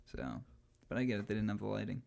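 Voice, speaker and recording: A man's voice: lowish voice, big pitch swings, fast talker, gravelly, darkish tone. A young man co-hosting a casual podcast about old films, chatty and giggly, with plenty of ums and trailing thoughts. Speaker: podcast co-host. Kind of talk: casual film discussion.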